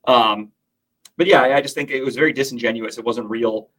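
A man's voice: medium pitch, fairly quick, a bit bright, low-quality recording. A man hosting a casual sports talk podcast, opinionated and swearing freely.

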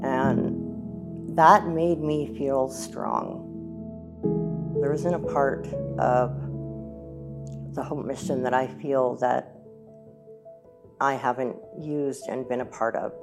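A woman who was formerly homeless, a shelter client, speaking slowly and deliberately with gratitude in a documentary interview. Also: extremely low pitch, lively intonation, music in the background.

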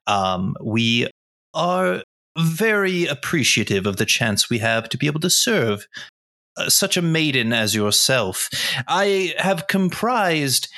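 A man voicing a pompous gentleman adventurer who speaks in florid, overly formal phrases. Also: fairly high pitch, sing-song, takes it slowly, voice pushed up, heavily acted. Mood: flowery.

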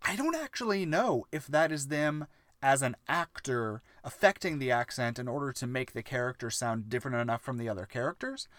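A young adult man co-hosting a podcast in easy, playful conversation, tossing in jokes and enthusiastic asides. His voice sits at an ordinary pitch for a man and is recorded dry and close. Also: animated, brisk, a bit bright, no room sound. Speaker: podcast co-host. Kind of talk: casual chat.

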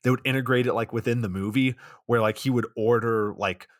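A man's voice: medium pitch, steady tone, a little fast, dry recording, studio quality. A man co-hosting a podcast, casually recapping a bad movie in a rambling, profane way full of "like". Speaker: podcast co-host.

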